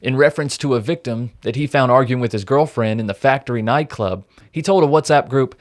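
A man's voice: mid-range voice, brisk. A young man co-hosting a casual true-crime podcast, recounting the case and reading quotes aloud with wry jokes. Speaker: podcast co-host.

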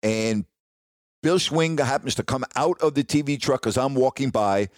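A sportscaster telling a personal career story in a casual, animated, ad-libbed way. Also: male voice, medium pitch, normal speed, dry recording, clean studio sound. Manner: casual, animated retelling with ad-lib restarts.

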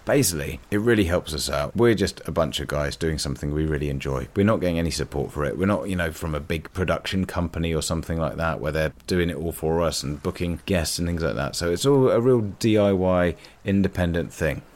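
A man with a very low, deep voice hosts a podcast and reads listener submissions aloud. He rambles and swears freely, a bit tipsy from wine, and stays loose and self-deprecating. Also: a little fast, few pauses. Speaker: podcast host. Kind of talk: casual podcast chat reading listener submissions.

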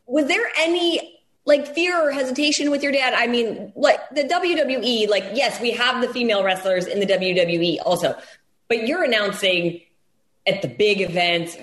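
A woman's voice: mid-range voice, moderate pace, fairly bright tone. Enthusiastic woman host, echoey room. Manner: supportive, enthusiastic interviewer. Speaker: podcast host. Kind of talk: conversational interview.

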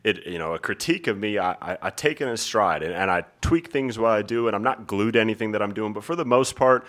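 A man's voice: lowish voice, lively intonation, fast talker, a bit bright. A laid-back, talkative man chatting as a guest in a casual interview about his work. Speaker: guest, ring announcer.

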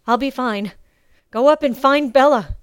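A woman voicing a wounded young woman warrior who is fierce and defiant, talking urgently and shouting through pain. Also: high voice, unhurried, smooth, no echo, clean studio sound, voice pushed up. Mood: strained.

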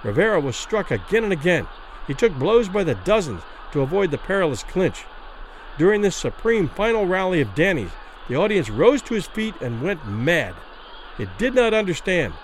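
A man reads a classic boxing story aloud with dramatic, expressive delivery. His voice sits a little higher than most men's and rises and falls in lively waves. The pace follows the tension of the fight. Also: normal speed, a little hiss or hum, low-quality recording. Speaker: narrator. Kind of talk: dramatic audiobook narration.

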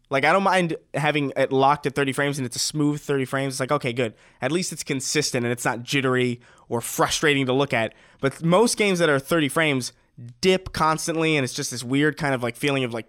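A man co-hosting a casual podcast, relaxed and loose, stammering and swearing freely as he talks. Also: medium pitch, no echo, clean studio sound. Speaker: podcast co-host. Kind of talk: casual chat.

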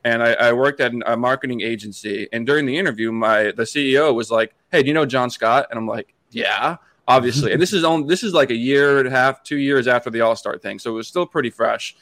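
A man's voice: mid-range voice, fast, few pauses, a bit bright, no room sound. A man in his late twenties from Massachusetts, a podcast guest telling stories in a chatty way with many restarts. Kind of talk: casual storytelling chat.

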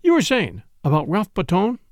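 A man's voice: high-pitched, huge pitch swings, normal speed, no room sound, clean studio sound, pitched above the performer's own voice. A man doing a mild, placid lady. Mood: encouraging. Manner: soothing, mild. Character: placid, mild-mannered unmarried woman, quietly stubborn.

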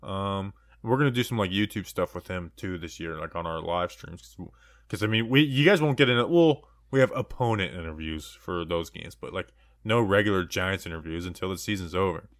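Low-voiced man, rambling and joking. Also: brisk, no room sound, clean studio sound. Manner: joking, rambling, lots of "like" and "you know". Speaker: podcast co-host. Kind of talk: casual sports chat.

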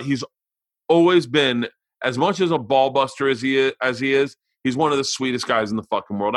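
A comedian in his forties hosts his podcast in a loose, swearing, animated storytelling voice that often sounds exasperated. His tone is bright and forceful, and it sits dry and close to the mic at an average pitch. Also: dry recording. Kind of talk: casual storytelling and ad read.

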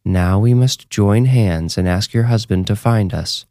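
A man doing a calm mystical fortune-teller woman. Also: fairly low pitch, no echo, clean studio sound. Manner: soothing, measured, mystical.

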